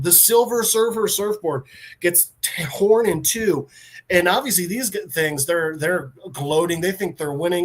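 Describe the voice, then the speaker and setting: A man hosting a podcast, casually recapping a comic in an animated storytelling way, full of fillers. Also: fairly high pitch. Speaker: podcast host.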